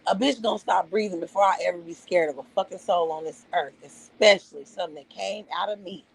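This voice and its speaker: Fired up and cursing, a middle-aged woman rants on her livestream, leaning on repeated phrases for emphasis. She talks fairly quickly in a fairly low, slightly rough voice with vocal fry, and the recording is rough.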